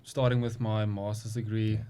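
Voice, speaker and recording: A man's voice: on the low side, flat delivery, moderate pace, dark tone, slight background noise. A young man, a guest athlete talking casually and hesitantly with many ums. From South Africa. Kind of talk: casual interview chat.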